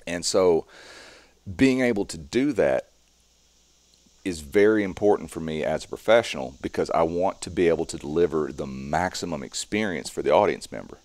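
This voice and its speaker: A man in his late forties, a strongman performer, explaining calmly and at length in a podcast interview. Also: deep voice, no room sound. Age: 40s. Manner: calm, measured, explanatory.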